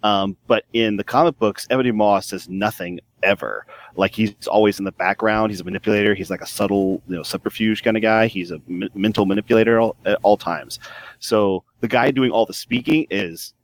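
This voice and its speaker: A man's voice: lowish voice, brisk. A man co-hosting a gaming podcast, talking enthusiastically with many fillers. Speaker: podcast co-host. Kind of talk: casual gaming chat.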